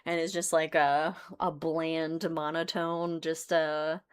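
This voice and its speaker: A woman's voice: sits low, level tone, takes it slowly, smooth. A woman co-hosting a podcast in casual chat, laughing often and trailing off mid-sentence. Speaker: podcast co-host.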